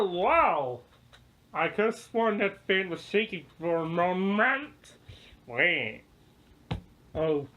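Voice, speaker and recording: A woman giving playful live commentary at home, excitable and full of yelps and exclamations, recorded on a camera mic indoors. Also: mid-range voice, slight background noise. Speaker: home video maker.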